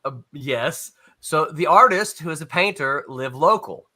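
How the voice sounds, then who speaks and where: A former comics editor, a man with a fairly high, bright and forceful voice, spins a rambling anecdote at a somewhat slow pace during a relaxed panel chat. He's animated, chuckles often, and keeps restarting his sentences.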